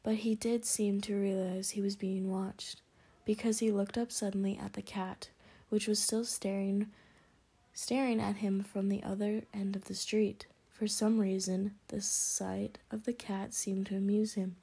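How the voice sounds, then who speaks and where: A woman reading a storybook aloud in a soft whisper, in whispered role-play. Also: mid-range voice, little pitch movement, vocal fry, husky. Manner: slow, hushed storybook reading.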